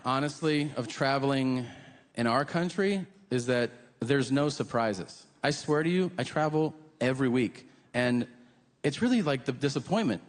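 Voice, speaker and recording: A middle-aged man performing a stand-up comedy set, animated and acting out characters in silly voices. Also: medium pitch. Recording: long hall reverb with audience noise.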